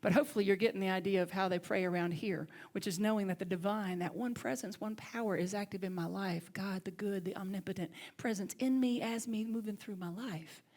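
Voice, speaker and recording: A woman minister with a Southern accent, preaching a sermon and telling a personal story with lively swings from loud to hushed. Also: medium pitch, a little fast, few pauses. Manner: animated, swings from loud to hushed near-whisper. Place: church sanctuary.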